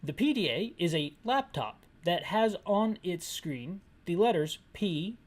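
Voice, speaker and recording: A woman's voice: lowish voice, expressive, a little slow, darkish tone. A woman narrating a descriptive audio game playthrough with sarcastic, ranting asides. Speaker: game commentator.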